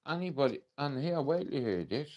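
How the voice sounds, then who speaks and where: A man's voice: on the high side, sing-song, fairly quick, darkish tone, lo-fi sound. A man with an Irish accent talking casually on a live stream, blunt and emotional, swearing often as he tells a story. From Ireland. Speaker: livestreamer.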